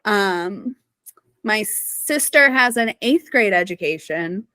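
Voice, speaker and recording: A woman's voice: mid-range voice, lively intonation, slow pace, bright, forceful tone, no room sound. A woman from Missouri, a podcast guest, talking casually and chattily with lots of "like" and "you know" fillers. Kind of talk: casual conversational interview.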